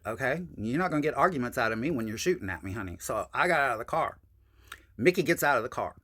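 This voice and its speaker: A man's voice: lively intonation, fast, a bit bright. A man telling a story from his own past in a casual, profane monologue, calling his viewers honey and y'all. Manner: jumps high in pitch for emphasis.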